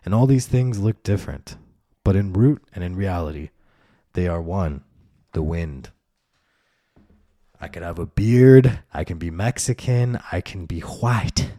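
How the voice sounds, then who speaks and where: A man's voice: low voice, expressive, unhurried, warm tone, no echo, studio quality. A man hosting a solo podcast, ranting in a profane, sardonic way and mocking the voices of people he dislikes. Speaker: podcast host. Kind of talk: solo comedic rant.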